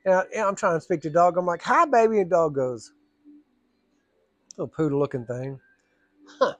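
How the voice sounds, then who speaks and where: Man, casual storyteller, higher pitch, dry close sound. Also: normal speed, dry recording. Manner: rambling, drawling Southern storyteller, acts out voices. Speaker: storyteller vlogger.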